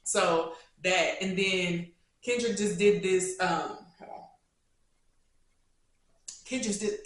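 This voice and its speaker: A woman with a Kentucky accent, answering viewer questions in a casual, animated, slangy chat. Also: medium pitch. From Louisville, Kentucky. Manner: chatty and animated, with slangy asides. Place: indoors, sit-down video setup. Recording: very echoey room.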